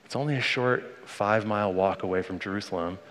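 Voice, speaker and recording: A man's voice: lowish voice, quick pace, a bit bright. Earnest male pastor in an echoing church. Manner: conversational, earnest, speaks to the congregation directly. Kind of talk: sermon. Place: church sanctuary. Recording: long reverb of a large hall.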